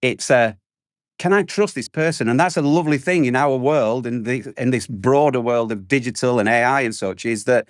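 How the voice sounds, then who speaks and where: A man on a podcast panel, telling stories in an animated way and acting out salespeople in exaggerated voices. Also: mid-range voice, a little fast, hardly any pauses, no room sound, clean studio sound. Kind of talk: casual panel chat.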